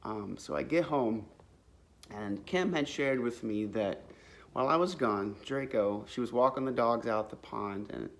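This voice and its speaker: A man's voice: medium pitch, unhurried, gravelly. A man casually telling a personal faith story in a rambling, earnest way, full of fillers and restarts. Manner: faith-filled, religious language. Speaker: vlogger sharing a testimony.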